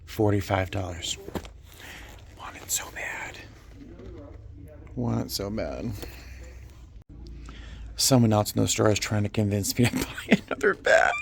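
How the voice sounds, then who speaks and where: An excitable man talks into a handheld phone camera as he browses an antique store. His voice sits a little low with a gravelly edge, and he swings between eager gushing and hushed asides to himself. A faint murmur of the shop carries behind him. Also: normal speed, long pauses, slight background noise. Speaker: vlogger. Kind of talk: casual vlog commentary.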